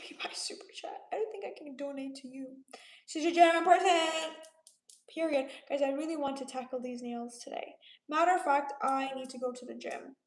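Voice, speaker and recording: Late-20s woman from Romania, livestream host, high-pitched and relaxed, roomy echo. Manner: laid-back, chatty, reads comments aloud and answers them. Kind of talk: casual livestream chat reading viewer comments.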